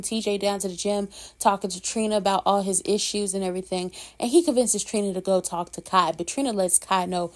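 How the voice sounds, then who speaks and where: A woman's voice: mid-range voice, a little mellow. A woman hosting a casual soap opera recap, talking in a sassy, emphatic, slangy way and giving strong opinions.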